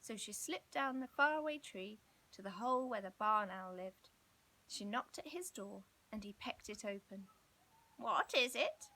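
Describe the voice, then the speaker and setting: A woman reading a children's storybook aloud in an expressive, gently dramatic way. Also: mid-range voice, normal speed, low-quality recording. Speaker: storybook reader.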